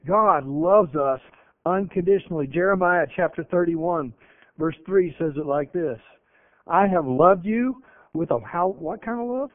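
Guy preaching on the radio, kinda high voice, punchy then drops real quiet, slows way down on verses, thin tinny sound. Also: expressive, dry recording. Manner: emphatic, swings from loud to hushed, slows on scripture. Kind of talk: radio sermon.

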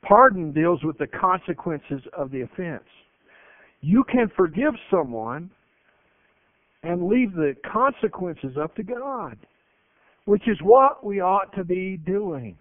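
With a high voice and a slow pace, a man delivers an emphatic sermon full of lively storytelling. There's no echo, and the audio comes through dry and narrow, like a phone broadcast.

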